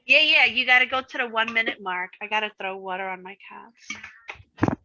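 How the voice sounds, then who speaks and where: An American woman from Arizona co-hosting a casual online chat, excitable and often laughing. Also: fairly high pitch, moderate pace, a little hiss or hum. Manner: giggly, excitable. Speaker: co-host. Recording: dull lo-fi audio.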